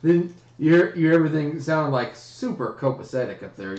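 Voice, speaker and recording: Brief: male game master, mid-pitched, loose rambling narration, roomy muffled stream audio. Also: fairly quick. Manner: relaxed, rambling narration with fillers. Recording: roomy, dull livestream audio.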